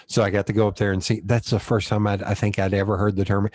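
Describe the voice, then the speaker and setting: A man with a Southern accent hosting a casual conversational interview and telling rambling stories with quick asides. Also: fairly low pitch, flat delivery, a little mellow, dry recording. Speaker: podcast host.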